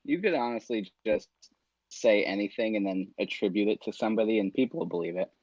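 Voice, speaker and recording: Sarcastic, low-voiced man on a dull mic. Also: a little fast, darkish tone, no echo. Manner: dry, sarcastic asides. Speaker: podcast co-host. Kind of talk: casual banter. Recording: dull, lo-fi sound.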